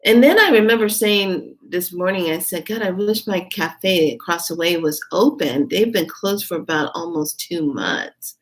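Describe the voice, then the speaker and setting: A woman's voice: moderate pace, hardly any pauses. A woman vlogger casually telling a personal story, her voice leaping up when she quotes herself. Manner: animated, jumps high in pitch when quoting herself. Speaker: spiritual vlogger.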